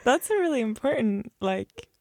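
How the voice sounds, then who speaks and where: A woman's voice: fairly high pitch, expressive, a little mellow, dry recording. Brief: young female radio co-host, giggly and chatty, close dry mic. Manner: giggly, chatty, quick to laugh. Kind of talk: casual chat.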